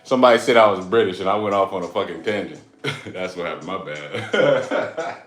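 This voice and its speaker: A man's voice: deep voice, lively intonation, moderate pace, a bit bright, roomy sound. A man in his thirties hosting a live stream in a casual, rambling, playful way, laughing often between his words.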